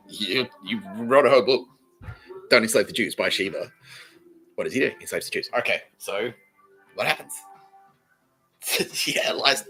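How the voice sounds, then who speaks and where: Aussie guy ranting on his comedy podcast, swears a lot, chuckles through it, bright voice. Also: medium pitch, poor audio. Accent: Australian. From Australia. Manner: profane, laughs mid-sentence, restarts often. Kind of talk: rambling comic monologue.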